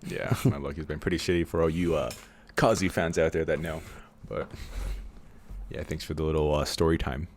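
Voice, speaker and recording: Very deep-voiced man, rambling podcast host. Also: fairly quick, darkish tone. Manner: rambling, swears when frustrated; raised customer-service speaking voice. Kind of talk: casual podcast chat.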